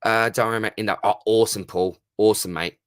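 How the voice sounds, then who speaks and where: Man, Australian accent, 30s, low voice, matey livestream host, dry close recording. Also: fairly even intonation, fast talker, no room sound. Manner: chatty, matey, calls everyone mate. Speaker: fantasy football livestream host. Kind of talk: casual live Q&A reading viewer comments.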